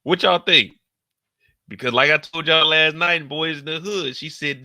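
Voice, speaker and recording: A man giving casual reaction commentary on a TV show, profane and animated, acting out scenes in high squeals and shouts. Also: a little slow, no room sound.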